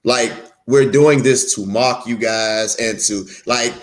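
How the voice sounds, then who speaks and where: A man appearing as a guest on a livestream talk show, earnest and halting, often trailing off into a low voice. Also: steady tone. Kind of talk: livestream commentary.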